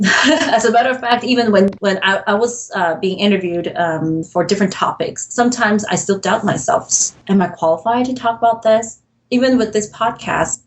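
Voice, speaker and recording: A woman's voice: on the high side, rough recording. Earnest middle-aged woman opening up. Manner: earnest and emotional, openly self-doubting. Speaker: podcast guest, real estate broker. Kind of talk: candid conversational interview.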